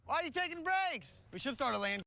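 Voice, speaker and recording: A young man vlogging with friends in casual, excitable chat, often shouting and laughing, recorded outdoors and in a vehicle. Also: very high voice, fast talker, gravelly. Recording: loud background noise.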